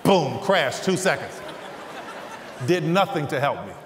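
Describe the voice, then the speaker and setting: A man delivers a sermon as a string of funny, animated personal stories, his voice sitting a little high for a man. The sound carries the long echo of a big hall with faint background ambience. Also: a little slow, some chatter behind, a little hiss or hum. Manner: humorous, animated storyteller. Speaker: guest preacher. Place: large church hall stage.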